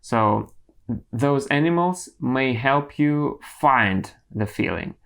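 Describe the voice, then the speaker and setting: A man teaching singing, explaining vocal technique slowly and carefully, pausing and restarting as he goes. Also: medium pitch, animated, creaky, fairly bright tone.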